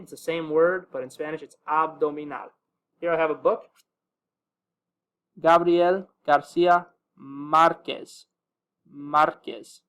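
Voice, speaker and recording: Young male teacher with a somewhat high voice, easygoing and full of fillers, who slows down to spell out each example. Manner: relaxed, with many fillers, slows to sound out example words. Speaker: language teacher. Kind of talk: casual video lesson.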